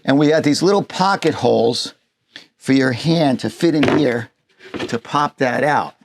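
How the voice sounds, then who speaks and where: A plainspoken man walks through his van build in a slow, unhurried drawl, fitting parts as he explains them. His pitch sits right in the middle for a man, and faint noise and clicks run underneath. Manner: folksy, plainspoken, demonstrating while talking. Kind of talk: hands-on build walkthrough. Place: inside a van.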